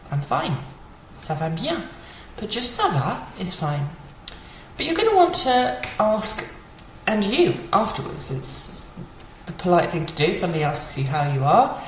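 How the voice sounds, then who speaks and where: Woman, low-ish and animated, a chatty language teacher; roomy echo, slight background noise. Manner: chatty, with fillers, repeats example phrases slowly. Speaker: French teacher. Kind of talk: casual spoken language lesson. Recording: echoey room with faint ambient noise.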